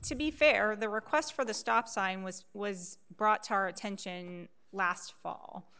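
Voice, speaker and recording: A woman chairing a public meeting, firm and measured as she explains the board's position. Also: mid-range voice, creaky, pushed and bright, clean tone.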